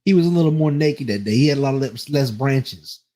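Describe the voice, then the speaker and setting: A man's voice: mid-range voice, lively intonation, brisk, mellow. A man on a podcast telling a rambling, profane story in casual chat, laughing as he goes. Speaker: podcast co-host.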